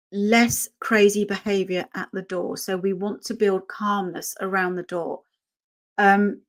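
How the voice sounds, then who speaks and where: Woman teaching dog training. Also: medium pitch. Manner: conversational, checks in with "okay?" often. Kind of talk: online training workshop.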